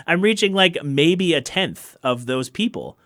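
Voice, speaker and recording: A man's voice: a little high, lively intonation, slow pace. A man hosting his own podcast, chatting in a rambling, wry way and laughing often. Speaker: podcast host and musician. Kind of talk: casual solo podcast chat. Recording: loud keyboard music under the voice.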